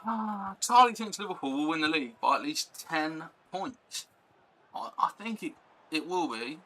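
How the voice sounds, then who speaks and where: A man's voice: on the high side, animated, normal speed, sharp tone, rough recording. A young man chatting casually on a live stream, rambling and reacting to chat and gameplay.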